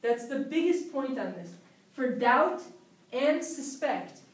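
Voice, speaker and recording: A woman's voice: sits high, lively intonation, slow. A woman teaching English vocabulary, patiently repeating example phrases in a class setting. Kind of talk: explaining vocabulary. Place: English conversation class room. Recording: roomy sound from a distant mic.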